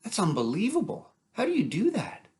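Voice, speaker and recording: A man voicing an incredulous grown brother from the city in a storybook tale, pitching his voice up high. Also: huge pitch swings, a little fast, a little mellow.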